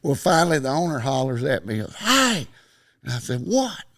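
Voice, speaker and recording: A man's voice: medium pitch, quick pace, vocal fry, no echo. A middle-aged man with a Texan accent, a podcast guest telling a long story in casual chat and acting out every quoted line.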